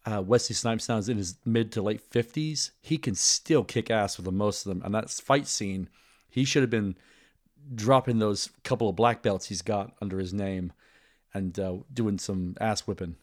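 Low-voiced man, excitable podcast host. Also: moderate pace. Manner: enthusiastic, rambling with restarts. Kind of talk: casual chat.

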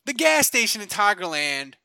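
Middle-aged man from Louisiana, rambling casual storyteller, slightly high bright voice, dry recording. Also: very animated, normal speed, gravelly, clear, resonant tone, no echo. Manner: rambling storyteller, many restarts and fillers. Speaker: podcast co-host. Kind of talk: casual sports chat.

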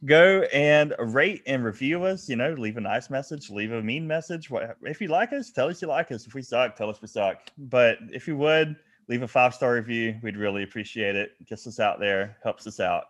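A man's voice: mid-range voice, normal speed, few pauses, fairly bright tone. A man hosting a podcast, delivering chatty, upbeat sign-off patter to listeners. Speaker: podcast host. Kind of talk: casual podcast chat.

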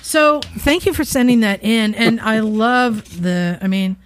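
A woman's voice: on the high side, measured pace. A woman co-hosting a podcast in casual chat, playful and bantering as she runs things and reads listener mail aloud. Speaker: podcast co-host.

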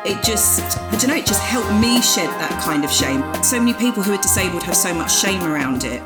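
A woman's voice: medium pitch, expressive, brisk, loud music behind the voice. A woman in her forties with an Essex accent, a podcast guest talking in a frank, plain-spoken way and laughing easily. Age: 40s. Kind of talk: casual chat.

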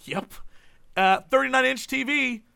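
A young man in casual comedic chat with a friend, animated and jokey, rambling with restarts. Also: extremely high pitch, unhurried, creaky, clean tone. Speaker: co-host.

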